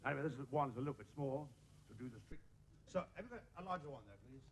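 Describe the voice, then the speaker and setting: A man's voice: mid-range voice, lively intonation, fast. A man doing comic stage patter for an audience, bumbling and giggling at his own jokes in mock exasperation, heard on an old TV recording. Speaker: stage comedian and magician. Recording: old TV recording with loud background noise. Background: audience laughter.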